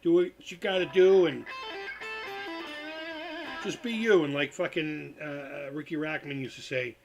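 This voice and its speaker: A man's voice: a little high, a little slow, creaky, muffled recording, music in the background. A tired man hosting a live stream, telling stories in a loose, profane, casual way. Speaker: livestream host.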